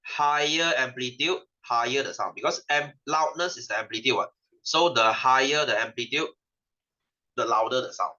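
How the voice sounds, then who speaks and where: Malaysian science teacher guy on webcam, bright voice, jokey, lo-fi sound. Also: mid-range voice, moderate pace. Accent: Malaysian English. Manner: playful, teasing, laughs often. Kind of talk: online class lesson. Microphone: webcam microphone. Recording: dull lo-fi webcam audio.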